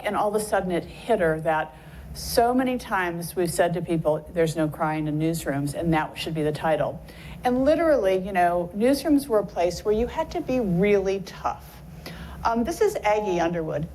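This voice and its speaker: A woman's voice: on the low side, darkish tone, slight background noise, low-quality recording. A woman in her sixties giving a casual, rambling lecture talk, chatty and full of fillers. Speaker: guest speaker.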